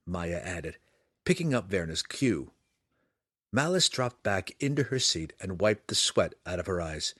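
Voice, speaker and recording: Deep, expressive male audiobook narrator. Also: a little slow, dry recording, studio quality. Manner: dramatic, expressive reading. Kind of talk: scripted fantasy narration.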